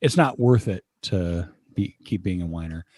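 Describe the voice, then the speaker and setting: A man co-hosting a casual podcast chat, calmly reading out parenting advice from an article. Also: low voice, moderate pace, no room sound, clean studio sound. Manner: relaxed, reads out article quotes. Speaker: podcast co-host.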